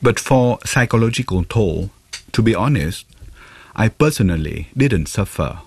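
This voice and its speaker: A man giving a translated voice-over of an interview, in a measured, plain reading. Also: fairly low pitch, expressive, creaky, darkish tone, husky, dry recording.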